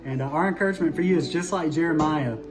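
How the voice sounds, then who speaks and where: A man's voice: a little high, racing, over music. A man recording a casual, upbeat video message of congratulations, speaking of God's plans for the baby. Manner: upbeat and encouraging, with religious wording. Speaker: family friend sending congratulations.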